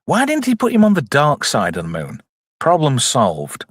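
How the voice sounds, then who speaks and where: A man's voice: on the high side, huge pitch swings, moderate pace, dry recording, clean studio sound. A man giving jokey, casual live commentary on a film and reading out chat messages. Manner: jokey, reads out chat, puts on silly voices. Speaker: streamer reviewing a film.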